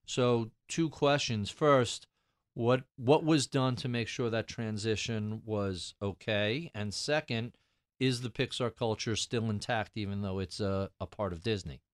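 A man hosting a podcast, asking measured, attentive interview questions. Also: lowish voice. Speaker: podcast host.

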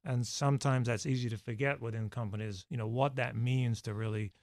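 A man with a gravelly voice talks through his answers in a halting, reflective way. His many fillers and restarts make it sound unscripted. The sound is dry and close. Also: mid-range voice, fairly even intonation, darkish tone, dry recording. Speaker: podcast guest, former studio executive. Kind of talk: conversational interview answers.

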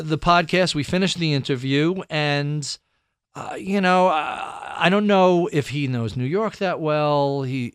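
A man's voice: fairly high pitch, clean tone, dry recording, studio quality. A man hosting a podcast, telling a long casual anecdote with restarts and quoted back-and-forth. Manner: rambling, with restarts and quoted dialogue. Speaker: podcast host. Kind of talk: casual storytelling.

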